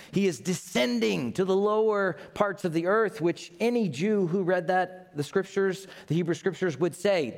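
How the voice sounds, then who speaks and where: A middle-aged man, preaching a sermon as pastor, telling stories and acting out quotes with big jumps in pitch. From Tennessee, USA. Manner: lively storyteller, acts out quotes, jumps in pitch.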